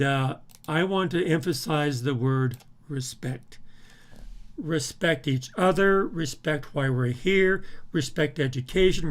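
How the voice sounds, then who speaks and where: Emphatic, slightly high-voiced male professor. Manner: emphatic, repeats words and restarts phrases. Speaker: university professor. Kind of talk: recorded syllabus walkthrough.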